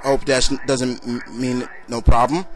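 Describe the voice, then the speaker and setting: A man's voice: medium pitch, little pitch movement, unhurried, soft background music. A young man hosting a casual video blog, answering viewer questions in a rambling way with many fillers and restarts.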